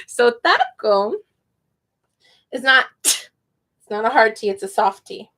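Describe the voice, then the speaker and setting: A woman in her thirties teaching a live online Spanish lesson, animated and laughing often as she slowly demonstrates sounds. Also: sits high.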